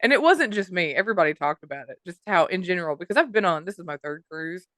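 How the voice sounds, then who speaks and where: A woman's voice: fairly low pitch, lively intonation, fast talker, a bit bright, dry recording. A woman co-hosting a podcast, telling a story in casual chat, swearing and mimicking the people she quotes. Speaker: podcast co-host.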